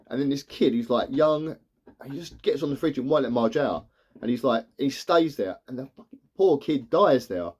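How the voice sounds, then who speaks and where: Male TV reviewer, choked up, retells scenes loosely and voices the characters, mid pitch. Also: lively intonation, moderate pace, a little mellow, husky. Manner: rambling retelling that acts out characters' lines. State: tearful, emotional. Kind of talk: emotional episode recap.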